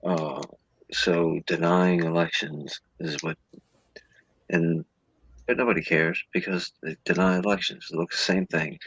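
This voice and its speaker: A man's voice: deep voice, little pitch movement, a little slow, fairly bright tone, husky, no room sound, low-quality recording. A man in a casual political chat, ranting and mocking opponents in sarcastic voices. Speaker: podcast guest.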